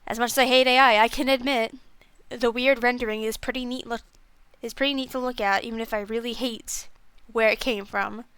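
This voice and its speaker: Young female streamer, casual rambling review, clear voice, dry close mic. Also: a little high, steady tone, a little fast, fairly bright tone, no echo. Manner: rambling, self-deprecating, lots of fillers. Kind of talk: casual game review chat.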